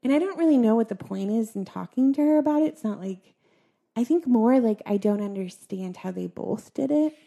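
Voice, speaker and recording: A young adult woman talking in a halting, soft-spoken way, her sentences full of filler words, in a confessional conversation. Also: a little high, animated, gravelly.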